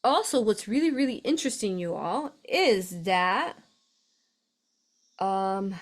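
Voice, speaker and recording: An American woman hosts a spiritual live stream, speaking slowly in an expressive mid-range voice. She's casual and effusive, laughing often and using lots of fillers.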